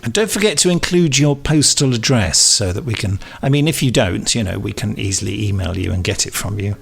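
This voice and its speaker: A man's voice: on the low side, lively intonation, fairly quick, creaky, slightly rough, soft background music. A man co-hosting a podcast in casual chat, reading out listener emails and laughing at his own slips. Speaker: podcast co-host.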